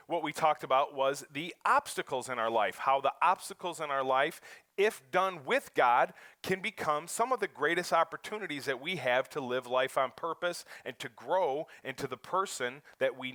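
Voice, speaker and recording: An American man preaching as a pastor, moving from easy joking talk with the congregation to loud, emphatic sermon delivery. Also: medium pitch, no echo. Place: church sanctuary.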